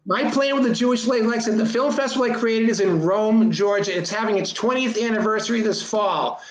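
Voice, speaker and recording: A man's voice: high-pitched, brisk, roomy sound, rough recording. A man talking casually as a guest, rambling through anecdotes and repeating words as he goes. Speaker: interview guest, filmmaker and teacher. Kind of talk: casual conversation.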